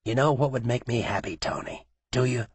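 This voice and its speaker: A man voicing a cold, cruel male mob boss who taunts in a low voice that he rarely raises. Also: fairly quick, husky, dry recording. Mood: menacing.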